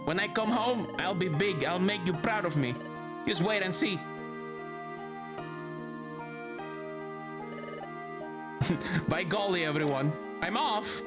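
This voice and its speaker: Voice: mid-range voice, moderate pace, lightly acted. A streamer voicing an earnest, gluttonous young male beaver creature from a video game, with a folksy drawl and lots of "golly" and "yup, yup", over game music.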